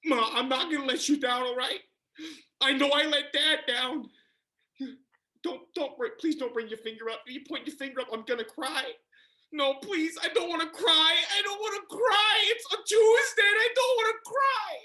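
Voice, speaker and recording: A woman playing a grown child who pleads with his mother to let him make music, emotional and excitable, in an improv comedy scene. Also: high-pitched, moderate pace, reverberant. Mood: pleading.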